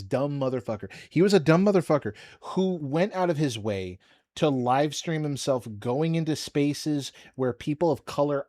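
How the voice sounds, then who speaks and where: A man's voice: a little high, a little mellow, dry recording. A man hosting a commentary video, ranting in a heated, sarcastic and profane way. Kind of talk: casual commentary rant.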